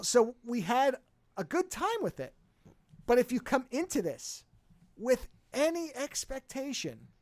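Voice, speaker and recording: A podcast co-host chatting casually with a friend. The delivery rambles and restarts often, and the pitch swings widely. The recording is dry and close, with no room sound. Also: no echo. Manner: animated, rambling, frequent restarts.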